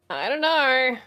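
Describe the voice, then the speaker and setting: A woman's voice: high voice, sharp tone, clean tone. A woman guest chatting casually on a stream, hesitant, stammering and laughing.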